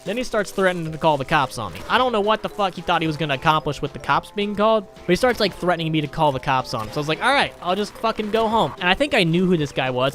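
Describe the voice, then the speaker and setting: Gameplay commentary doubles as storytelling for this young gaming YouTuber, whose crude, sarcastic tales ramble on. His voice is a little high and a bit bright.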